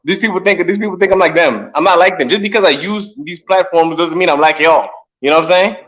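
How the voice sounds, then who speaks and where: A man's voice: sits high, fast, fairly bright tone, low-quality recording. A man chatting casually on a call, rambling and repeating himself a lot.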